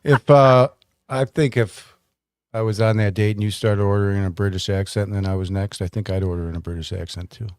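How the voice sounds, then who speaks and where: A man's voice: lowish voice, fairly quick, clean tone, no room sound, studio quality. A man co-hosting a casual chat show, teasing and cracking jokes. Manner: jokey, animated, teasing. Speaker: podcast co-host.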